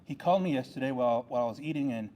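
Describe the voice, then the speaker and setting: A man's voice: mid-range voice, racing, warm tone, a little hiss or hum. Earnest rallying council member, man. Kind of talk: ceremony speech.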